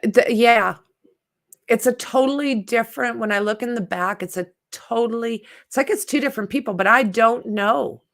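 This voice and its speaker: A woman's voice: fairly high pitch, moderate pace. A woman hosting a casual true-crime livestream, chatting, greeting viewers and reading their comments aloud, blunt with spam commenters. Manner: outspoken and exasperated with spam commenters. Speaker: livestream host.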